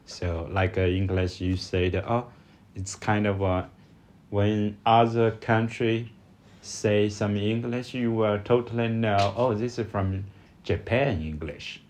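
A man with a Chinese accent, a native Chinese speaker co-hosting a casual podcast. He talks slowly and in a low voice. He often stops mid-sentence to hunt for the right English word. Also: fairly even intonation, a little mellow. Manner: halting, searching for English words. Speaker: podcast co-host. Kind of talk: casual chat.

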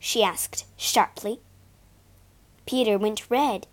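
A woman reading a storybook aloud to learners, clear and expressive. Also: mid-range voice, slow. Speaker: storybook reader. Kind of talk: slow read-aloud story narration for learners.

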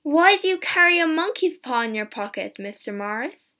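A woman's voice: high voice, lively intonation, normal speed, sharp tone, pitched above the performer's own voice. Woman reading as a keen young man. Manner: keen, pressing. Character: young man, lively and curious. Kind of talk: storybook reading.

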